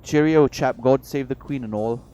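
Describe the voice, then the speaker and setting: A man's voice: medium pitch, moderate pace, mellow, smooth, lightly acted, rough recording. A man putting on a mock British accent to voice a rude male street cop who swears. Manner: exaggerated, swearing.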